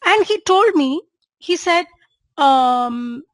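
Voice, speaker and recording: An Indian woman, a homeopathy doctor and teacher, lectures on a clinical case, engaging listeners by checking in and asking rhetorical questions. Her voice is high and expressive, she takes it slowly, and the recording is dry.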